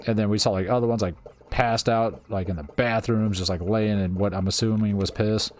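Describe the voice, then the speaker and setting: A man's voice: on the low side, fairly even intonation, fairly quick, darkish tone. Laid-back profane man telling stories. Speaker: streamer. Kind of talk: casual storytelling while gaming.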